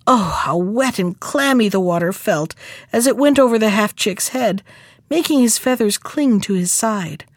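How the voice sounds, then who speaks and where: A woman reading a fairy tale aloud in an expressive, sing-song storytelling manner. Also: medium pitch, normal speed, no room sound.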